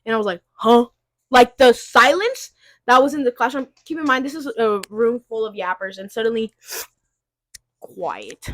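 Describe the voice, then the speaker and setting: A woman's voice: fairly high pitch, normal speed. A young woman, a podcast co-host, telling stories in casual chat and acting out the people she quotes. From Southern California. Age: young adult. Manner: animated storyteller, mimics people she quotes; giggly, laughs through lines.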